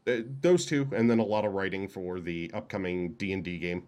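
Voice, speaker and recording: A man's voice: sits low, a little fast. A man who runs tabletop games, chatting casually and griping about a game with laughs. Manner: animated, laughing complaints. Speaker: game master. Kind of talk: casual chat.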